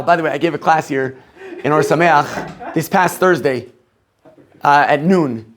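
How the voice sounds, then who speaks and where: Animated high-voiced rabbi lecturing a class. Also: male voice, a little slow. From Maryland, USA. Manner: animated, questions the room, laughs often.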